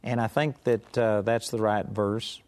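A man preaching a sermon, slowing down to stress key words and reading scripture passages quickly in King James phrasing, with conversational asides. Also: on the low side, level tone, darkish tone. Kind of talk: sermon teaching.

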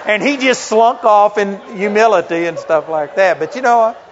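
A man's voice: high voice, normal speed, a faint crowd, a little hiss or hum. A middle-aged man preaching a sermon to a congregation, talking conversationally, asking rhetorical questions and telling stories. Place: church. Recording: dull lo-fi sermon recording.

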